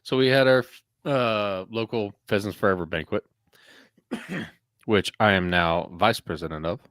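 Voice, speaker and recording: A man's voice: fairly low pitch, unhurried, a bit bright, no room sound. A man co-hosting a casual podcast, matter-of-fact with dry one-liners. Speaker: podcast co-host.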